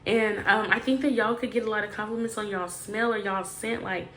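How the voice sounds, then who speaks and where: A woman's voice: medium pitch, steady tone, a little fast, a bit bright, slight background noise. A woman giving a casual, chatty tarot reading straight to the viewer, emphatic and full of slangy asides. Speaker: tarot reader.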